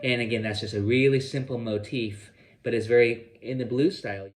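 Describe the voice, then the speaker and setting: This man teaches guitar at a fairly quick clip, his mid-range voice holding a steady tone. He walks through phrasing as an instructional explanation, scat-singing the intended rhythms while guitar plays loudly behind him.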